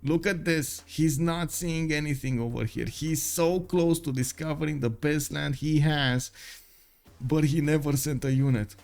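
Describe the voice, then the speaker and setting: A man commentates a strategy match live in a relaxed, chatty way, full of fillers and restarts. His fairly high voice has a gravelly edge, and soft music plays faintly under him. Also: measured pace. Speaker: esports caster. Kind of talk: live game commentary with chat replies.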